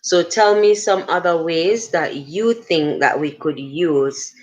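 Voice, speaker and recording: Slow, low-voiced woman chatting earnestly. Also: darkish tone, dull audio. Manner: chatty, earnest, many fillers and restarts. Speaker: livestream host. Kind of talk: casual motivational livestream talk.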